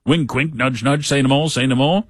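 A man's voice: mid-range voice, fairly even intonation, moderate pace, no echo, studio quality, lightly acted. A man putting on a sly, leering male British sketch-comedy character with a nudging, insinuating delivery.

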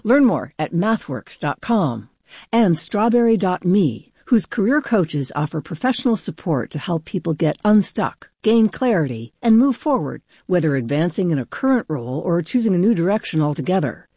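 Husky lively woman announcer. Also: lowish voice, normal speed, no echo. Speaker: funding announcer. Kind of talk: read sponsor credits.

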